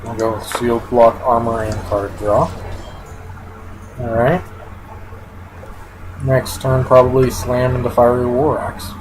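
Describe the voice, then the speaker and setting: A man's voice: mid-range voice, little pitch movement, measured pace, pauses often, noisy background. A man giving casual, unscripted commentary while playing a card game, thinking aloud and sometimes talking with his mouth full. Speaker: gameplay commentator.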